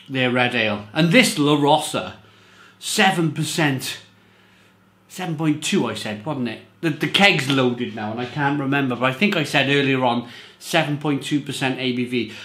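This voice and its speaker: A man's voice: mid-range voice, fairly bright tone, echoey room. A man reviewing beer in a casual, rambling monologue, often repeating himself and stressing his points.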